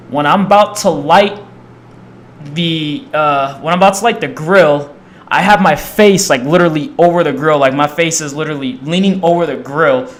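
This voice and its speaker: A young man casually telling a rambling personal story to camera, acting out the people in it. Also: on the high side. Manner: rambling, animated, acts out quoted voices. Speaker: storyteller vlogger.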